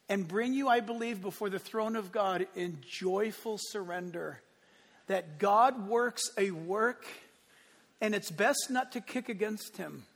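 A man preaching a sermon, telling the story with lively acted-out voices and building to impassioned peaks. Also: high voice, long reverb tail. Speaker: pastor.

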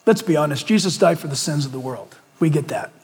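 High-voiced dramatic male preacher. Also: animated, brisk, darkish tone, breathy edge, in a large hall. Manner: dramatic storytelling with direct questions to the congregation. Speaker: pastor. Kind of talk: sermon.

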